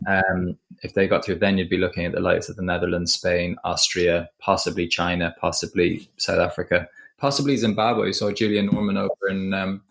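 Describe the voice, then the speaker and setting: Male podcast panelist, low-pitched, analytical and thinking aloud. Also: level tone, a little fast, gravelly, a bit bright. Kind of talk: casual panel chat.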